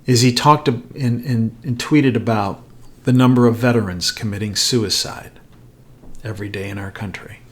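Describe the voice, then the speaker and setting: A middle-aged man hosting a show, telling an anecdote in an animated way and acting out the quoted lines. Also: on the low side, moderate pace, slight background noise. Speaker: host. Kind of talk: storytelling commentary.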